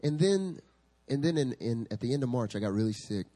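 A male pastor preaches at a church service, telling stories with lively energy and frequent laughter. His mid-range voice has a husky, slightly breathy grain. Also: mid-range voice, brisk. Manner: animated storytelling, laughs often. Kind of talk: sermon.

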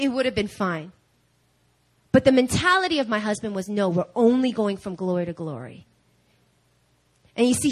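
A woman preaching a sermon at a church service, telling a personal story in an animated way. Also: high voice. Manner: animated, acts out quoted dialogue.

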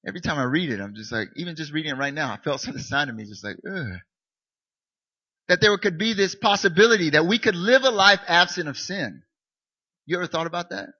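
Man, pastor, conversational sermon, self-mocking, husky bright voice, dry dull recording. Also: on the high side, lively intonation, fast, no room sound.

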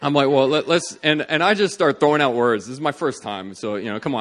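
A man preaching, telling a testimony story with laughter, moving from hushed quoted prayers to loud excited outbursts. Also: fairly high pitch, moderate pace, a crowd in the background, background noise.

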